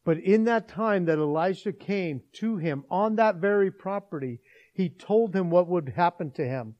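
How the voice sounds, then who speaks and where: A man preaching a sermon, retelling a Bible story as a lively storyteller. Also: high voice, moderate pace, lo-fi sound. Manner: animated storyteller acting out scenes.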